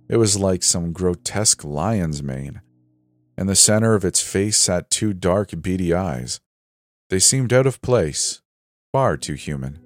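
A man reads a scripted horror story in a measured, dramatic way. His voice sits very low, and faint music runs underneath.

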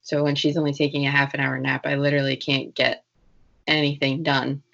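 A woman's voice: rumbling low, little pitch movement, a little fast, gravelly, a bit bright, lo-fi sound. A woman co-hosting a casual podcast chat, laughing often and talking emphatically.

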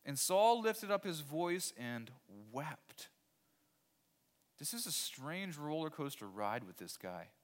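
A man's voice: a little high, sing-song, slow pace. A man preaching a sermon as pastor, emphatic, repeating key phrases and putting rhetorical questions to his listeners.

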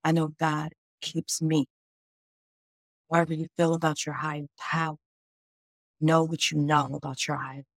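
A woman's voice: sits low, flat delivery, normal speed, gravelly, pauses often, no room sound, clean studio sound. A woman doctor on a podcast explains grief in a conversational way. She often says "like" and voices people's inner questions.

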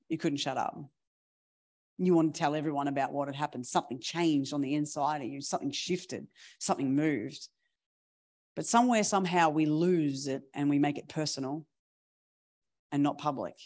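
A woman preaching, telling stories in a chatty, animated way with laughing asides. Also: on the low side. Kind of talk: storytelling sermon.

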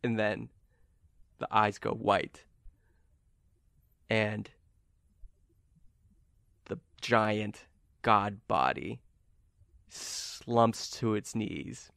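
A man narrating as game master in a tabletop game, animated and often laughing. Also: on the low side, creaky, no echo, clean studio sound.

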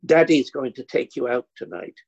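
An actor putting on a mischievous older Dublin theatre director who scoffs at sentimental drama. The voice is gravelly and husky, a bit higher and livelier than the speaker's own. He is blunt and a little conspiratorial. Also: normal speed, a little mellow, lo-fi sound. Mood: scoffing.

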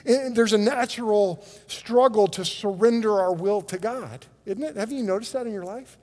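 A man preaching a sermon as pastor, emphatic, with dramatic pauses, repeated words and restarts, and quotes he acts out. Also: high voice, darkish tone. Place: church sanctuary. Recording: long reverb of a church hall.

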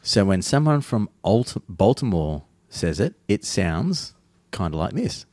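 A man co-hosting a casual podcast, his lowish voice moving a lot in pitch. He talks haltingly, with plenty of ums and false starts. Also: dry recording. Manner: hesitant, many ums and restarts, animated. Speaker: podcast co-host. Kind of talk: casual chat.

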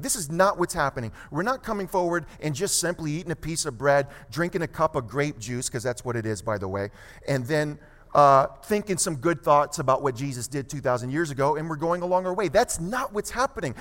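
A man preaching a sermon as pastor, emphatic, with quick asides and slow, stressed phrases. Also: fairly high pitch, a bit bright. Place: church sanctuary. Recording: long hall reverb.

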